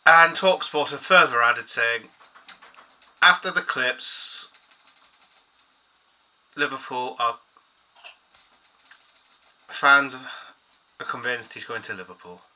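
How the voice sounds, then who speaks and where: A man with a very bright voice rambles through a fan-channel chat. He reads pieces of an article aloud and breaks off to comment. His pitch sits in the middle. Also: slow pace, long pauses, poor audio. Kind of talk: casual solo commentary.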